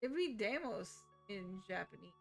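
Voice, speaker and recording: Young woman streaming a game, chatty and jokey, slightly high voice, faint music behind. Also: normal speed, fairly bright tone. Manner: chatty, joking. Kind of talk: casual game commentary.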